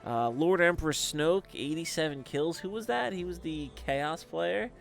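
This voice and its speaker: A young man giving casual, rambling commentary on a strategy game, often breaking into excited exclamations. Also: fairly high pitch, a little slow, gravelly, soft background music. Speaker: game caster.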